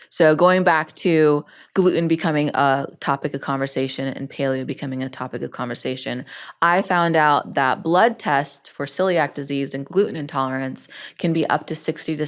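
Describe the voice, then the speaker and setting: A woman hosting her own show, telling a personal story in a lively way with laughs and quoted dialogue. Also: deep voice. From Egyptian family background. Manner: lively, animated retelling with laughs and acted-out quotes.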